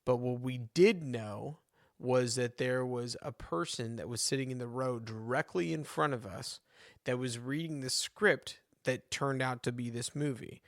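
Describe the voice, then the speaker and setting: A man's voice: medium pitch, a little slow, no room sound. Teasing man podcast co-host, dry sound. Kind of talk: casual chat.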